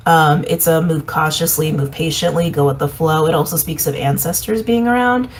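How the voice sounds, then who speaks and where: A woman giving a casual intuitive reading, meandering and repeating herself, reflective with soft laughs. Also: sits low, moderate pace, slight background noise, rough recording. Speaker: intuitive reader.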